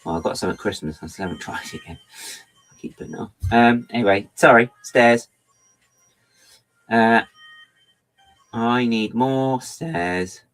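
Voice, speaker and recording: A man's voice: medium pitch, unhurried, pauses often, fairly bright tone, faint music behind, poor audio. A middle-aged man chatting casually while he builds with LEGO on a livestream, rambling and often stopping himself to apologise. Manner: rambling, self-interrupting, apologetic.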